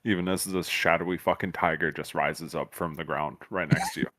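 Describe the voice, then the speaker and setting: A man with a very low voice runs a tabletop game as game master. He narrates in a loose, casual way and swears freely. The sound is dry and close. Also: fairly even intonation, a little fast, fairly bright tone, no room sound.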